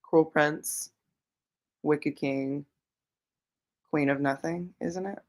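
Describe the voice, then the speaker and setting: A woman's voice: sits low, steady tone, very slow, long pauses, a little mellow. A woman hosting a casual livestream, rambling and thinking aloud with lots of fillers as she answers viewers. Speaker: livestream host reading viewer comments.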